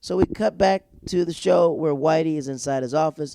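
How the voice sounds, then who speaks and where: Mellow-voiced man recapping a TV episode. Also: mid-range voice, creaky, dry recording, clean studio sound. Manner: animated, acts out character lines in quick put-on voices; laid-back slangy talk. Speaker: podcast host.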